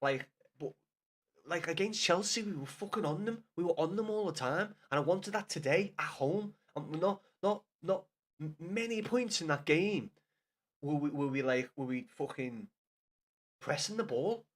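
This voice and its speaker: A man chats on a live stream in a fairly high voice. He rambles, swears and laughs, breaks off his sentences and calls out to viewers by name. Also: animated, normal speed. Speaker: livestreamer. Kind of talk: casual live stream chat.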